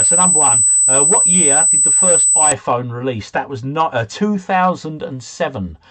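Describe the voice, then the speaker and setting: A husky-voiced man hosting a quiz livestream from home. His pitch rises and falls a lot as he chats, chuckles and replies to viewers' comments in a loose, easygoing way. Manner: chatty, chuckling, answers chat comments. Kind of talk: casual livestream chat.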